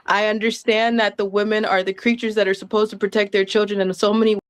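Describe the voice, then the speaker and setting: A woman's voice: mid-range voice, level tone, fast talker, clear, resonant tone, no echo. A woman in her thirties giving emphatic, breathless reaction commentary and laughing between thoughts. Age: 30s. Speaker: co-host of a reaction stream.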